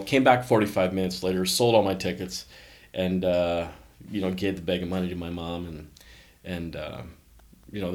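A middle-aged man from Canada, a company founder, telling stories in a casual interview and acting out the voices of people he quotes. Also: deep voice. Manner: animated anecdotes, acts out quoted voices.

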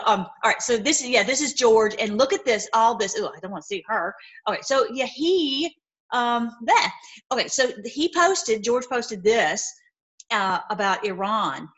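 Animated rambling woman commentator. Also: a little high. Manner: animated, rambling, frequent restarts and fillers. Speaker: online commentator. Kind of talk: casual livestream commentary.

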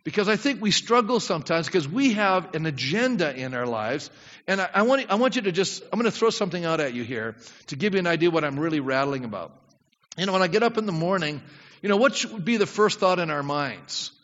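High-voiced pastor preaching in a reverberant hall. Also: male voice, animated, brisk, fairly bright tone. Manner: conversational, asks the congregation questions and acts out prayers. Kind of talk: sermon. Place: church sanctuary with congregation. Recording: dull sound with long hall reverb.

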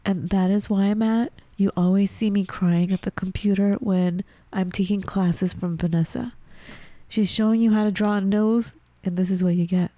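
A woman's voice: mid-range voice, steady tone, normal speed, warm tone, no echo. A woman hosting a podcast, effusive and gushing with gratitude toward her guest. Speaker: podcast host. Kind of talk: casual podcast chat.

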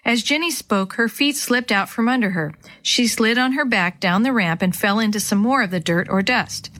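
Lady reading a kids chapter book out loud, gentle and clear storyteller voice. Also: on the high side, normal speed. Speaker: children's storyteller.

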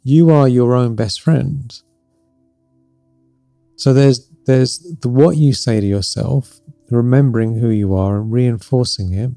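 A middle-aged man speaks in a dry, close, gravelly voice, softly guiding listeners through spiritual ideas as a podcast host. His delivery is reflective and encouraging, and he often checks in with "right?" Faint music runs underneath. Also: medium pitch, a little slow, no echo. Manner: gentle, reflective, warmly encouraging, laughs softly between points, often adds "right?". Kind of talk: spiritual teaching talk.

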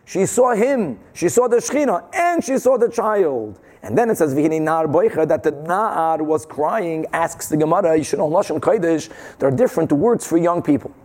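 A man teaching a Talmud class, explaining the Gemara with animated rhetorical questions and Hebrew and Yiddish terms. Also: a little high, moderate pace, few pauses. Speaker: Torah teacher.

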